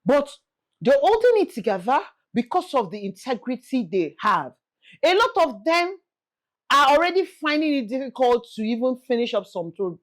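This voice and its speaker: A young Nigerian woman with a Nigerian accent, hosting a casual real estate talk, pleading and animated, slipping in Yoruba phrases. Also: a little high. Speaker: real estate vlogger host. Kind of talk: casual chat to camera.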